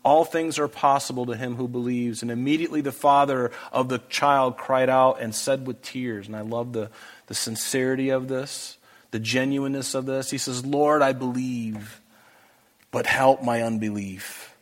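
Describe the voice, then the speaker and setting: This pastor's voice is medium in pitch and steady, moving at a normal speed. Before a congregation in a church hall, he preaches earnestly and emphatically, pressing people with pleading questions.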